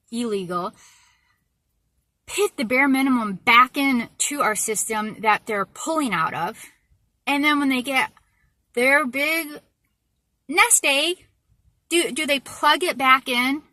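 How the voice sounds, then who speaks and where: A woman vlogger from the United States delivers an exasperated, indignant rant, hammering her points with repetition. Her voice sits a touch high and sounds sharp and bright. The sound is dry and close, with no room echo. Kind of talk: ranting monologue.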